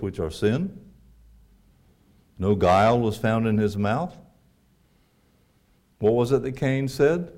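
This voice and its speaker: A man's voice: fairly low pitch, mellow. A man preaching a sermon, earnest, quoting scripture and asking his listeners rhetorical questions.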